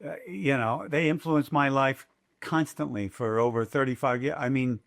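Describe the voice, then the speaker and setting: An older man, a race announcer, telling a story as a podcast guest in a lively, chatty way. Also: medium pitch, normal speed, creaky. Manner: lively, chatty, fond of quoting himself. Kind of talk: casual storytelling.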